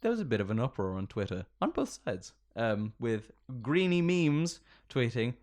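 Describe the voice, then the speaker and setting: A man's voice: on the low side, big pitch swings, moderate pace, few pauses, a little mellow. A man co-hosting a podcast in casual comedic chat, often laughing and reading out posts with mock emphasis. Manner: giggly, reads out tweets with mock emphasis. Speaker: podcast co-host.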